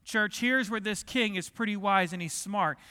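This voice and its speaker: In a large church sanctuary, a middle-aged pastor preaches a sermon conversationally and jokes with the congregation. His voice is high, clear and resonant with a sharp tone, at a moderate pace. A long hall reverb fills the recording.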